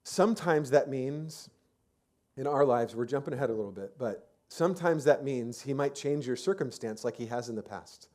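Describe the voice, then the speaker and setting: A man's voice: mid-range voice, animated, moderate pace, darkish tone. A man preaching a sermon as pastor, telling the story in a casual, chatty way with lots of fillers and restarts. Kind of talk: conversational sermon.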